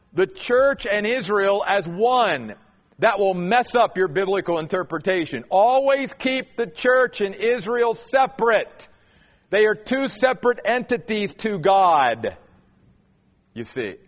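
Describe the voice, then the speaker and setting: High-voiced preaching pastor in a hall. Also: male voice, fairly bright tone. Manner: earnest preaching, slows down to stress key words. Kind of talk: sermon.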